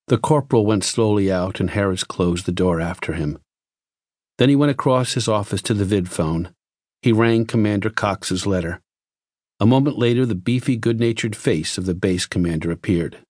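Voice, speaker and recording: A man narrating a science fiction story in a measured, expressive reading. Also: fairly low pitch, no echo, studio quality. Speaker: audiobook narrator. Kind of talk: scripted narration.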